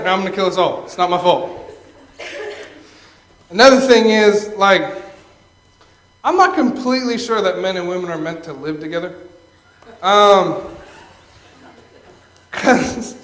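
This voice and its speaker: A man's voice: high voice, expressive, normal speed, long pauses, fairly bright tone. A young man performing a stand-up comedy set, telling stories, tagging lines with "okay?" and laughing at his own jokes. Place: stage at a live venue. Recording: echoey live room.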